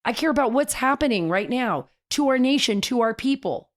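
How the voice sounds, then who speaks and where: A woman's voice: a little high, expressive, a little fast, pitched above the performer's own voice, close to an everyday voice. A woman voicing a brash tech billionaire who speaks bluntly and defiantly.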